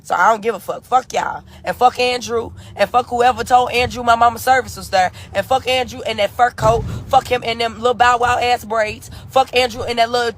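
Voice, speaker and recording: Woman, fierce profane rant, high voice, relentless and repetitive. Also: fairly even intonation, brisk, hardly any pauses, a little hiss or hum. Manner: furious, cursing, repetitive, defiant. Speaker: grieving woman ranting in a live video.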